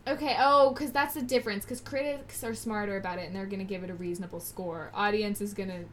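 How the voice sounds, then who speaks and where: A woman's voice: mid-range voice, steady tone, fast, fairly bright tone, slight background noise. A young adult woman in casual chat, blunt and opinionated, laughing often as she answers trivia.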